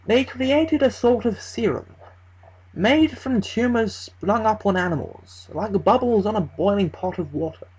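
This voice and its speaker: Husky breathy creepypasta narrator, chatty and sweary, mid pitch. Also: rough recording. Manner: casual and profane, conversational storytelling. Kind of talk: first-person horror story narration.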